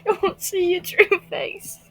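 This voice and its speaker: A woman's voice: very high voice, level tone, unhurried, music in the background, low-quality recording. A young woman hosting a casual podcast, chatty and giggly. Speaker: podcast host.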